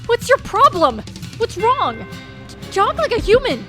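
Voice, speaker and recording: A woman voicing a terrified male merchant in a visual novel, stammering and pleading in a shrill voice. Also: moderate pace, over music, lightly acted.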